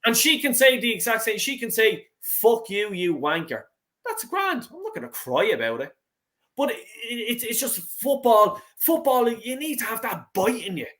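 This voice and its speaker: A middle-aged Irishman with a notably high, sing-song voice launches into a blunt, sweary, impassioned rant about football at a moderate pace. His tone is bright and forceful, like a fan on a call-in show hammering home every point in heated casual chat.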